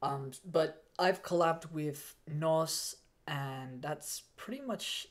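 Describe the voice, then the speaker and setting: A man's voice: a little high, slow. Stammering overheated streamer guy. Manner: rambling, stammering with frequent restarts. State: overheated in a fursuit, mentally foggy. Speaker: livestreamer. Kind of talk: casual livestream chat, reading donations.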